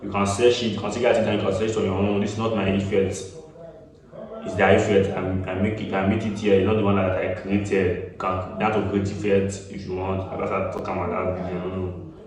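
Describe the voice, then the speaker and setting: Deep-voiced and level in tone, a Nigerian man talks fairly quickly through a relaxed music-recording tutorial while crowd noise plays behind him. He's talkative and repetitive, slipping in Pidgin like "get me?". The mic sits far off in a small room full of echo.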